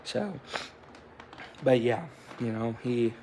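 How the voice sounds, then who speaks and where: Casting twenties guy, mid-pitched, offhand vlog rambler who swears and restarts a lot, faint background noise. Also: takes it slowly, darkish tone. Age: 20s. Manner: loose storytelling with frequent swearing and restarts. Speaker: vlogger. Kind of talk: casual rambling chat. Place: indoors at home, with a cat.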